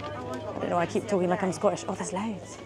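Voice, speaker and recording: Over music and crowd noise, a female vlogger talks briskly in a mid-range voice. It's casual vlog chat, bubbly and self-deprecating, as she goes in and out of shops and her office during the day.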